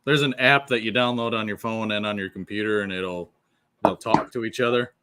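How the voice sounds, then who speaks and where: A man's voice: on the low side, fairly even intonation, brisk, a bit bright, smooth. A man chatting casually as a podcast co-host, laid-back and wry, swearing casually. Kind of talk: casual chat.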